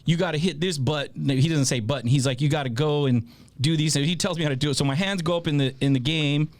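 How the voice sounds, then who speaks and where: A man hosting a podcast, telling a long story in a casual, animated way, with a lot of swearing and laughter. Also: fairly high pitch, quick pace, no echo. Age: adult with a child. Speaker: podcast host.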